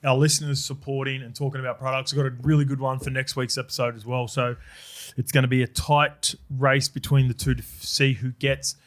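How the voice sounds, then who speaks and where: A man's voice: medium pitch, level tone, fairly quick, fairly bright tone. Laid-back Australian man hosting a podcast. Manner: laid-back, laughs easily, swears casually. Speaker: podcast host. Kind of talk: casual chat with live ad reads.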